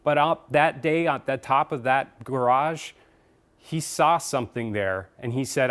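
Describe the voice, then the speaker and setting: A man's voice: mid-range voice, unhurried, a bit bright, clean tone. A male news reporter speaking conversationally in a live studio news segment. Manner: conversational, explanatory.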